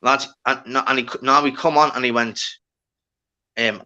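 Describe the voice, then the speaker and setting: A man's voice: medium pitch, expressive, normal speed, bright, forceful tone. A man with a Liverpool accent hosting a live panel, telling rambling, sweary stories with lots of fillers. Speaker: livestream host. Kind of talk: casual panel chat.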